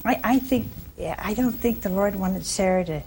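A woman preacher giving a folksy, animated sermon, throwing rhetorical questions at her listeners. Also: medium pitch, normal speed, slight background noise.

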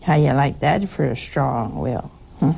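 Gravelly-voiced woman giving a folksy spiritual talk. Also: very deep voice, measured pace, dark tone, slight background noise. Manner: folksy storytelling, rhetorical questions. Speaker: religious speaker. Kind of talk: spiritual talk to a broadcast audience.

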